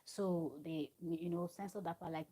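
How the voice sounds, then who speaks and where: A woman's voice: fairly low pitch, steady tone, normal speed, dark tone, breathy edge. A woman, recapping a reality show on a live stream from home, telling it in a chatty, digressive way with asides to her viewers. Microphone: live-stream microphone.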